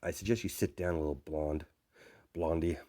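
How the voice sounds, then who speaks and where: A man voicing a cocky, calm teenage boy who taunts his rival quietly. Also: extremely low pitch, moderate pace, no echo, clean studio sound. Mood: smug.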